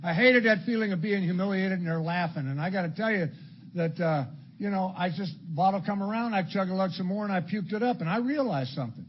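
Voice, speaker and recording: An older man from Illinois sharing his story at a recovery meeting, blunt and crude, with dark humor. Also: high voice, a little fast. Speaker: AA speaker. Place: meeting hall before an audience. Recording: dull lo-fi talk recording with faint background noise.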